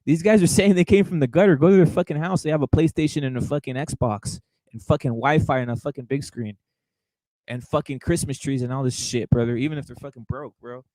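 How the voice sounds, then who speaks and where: A man's voice: medium pitch, fairly quick, dark tone, no echo, poor audio. A man hosting a boxing show, ranting casually with a lot of swearing and repetition. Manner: profane, heated, repetitive, keeps saying "brother". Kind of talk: casual livestream rant.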